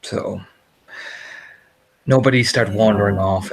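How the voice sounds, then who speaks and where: A husky, somewhat low-voiced man playing a tabletop game. He talks hesitantly, correcting himself mid-sentence. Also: fairly even intonation, measured pace, pauses often. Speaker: player.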